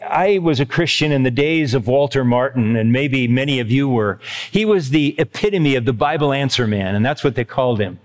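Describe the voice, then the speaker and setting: A man's voice: mid-range voice, big-room sound. A male pastor giving a conversational, emphatic sermon to his congregation. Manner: conversational, emphatic preaching with chuckles.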